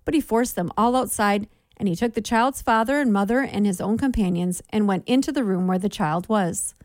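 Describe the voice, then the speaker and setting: A woman giving a measured Bible reading for a daily reading plan, with clear, steady delivery. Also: mid-range voice, dry recording, clean studio sound. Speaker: scripture reader.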